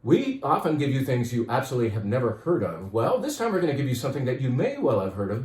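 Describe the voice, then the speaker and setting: Casting: male wine shop owner, chatty and rambling, slightly winded, mid-pitched, roomy echo. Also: very animated, fast, hardly any pauses, a little mellow. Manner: chatty, enthusiastic, rambling with restarts. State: out of breath, dry throat. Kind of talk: casual promotional talk.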